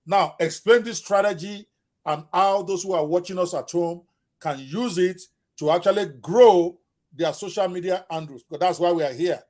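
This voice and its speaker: Male podcast host with a high voice, hesitant and filler-heavy delivery. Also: moderate pace, a little mellow. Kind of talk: interview hosting.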